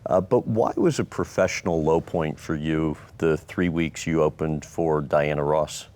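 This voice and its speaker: A man hosting an interview, asking calm, brief questions. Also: very deep voice, unhurried. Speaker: interviewer host.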